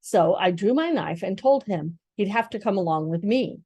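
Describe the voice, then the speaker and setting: Figure: brave young girl, read by an older woman. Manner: eager, pleading. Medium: storybook reading. Sound: dry. Tone: mellow. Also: medium pitch, lively intonation, normal speed, slightly rough, no echo.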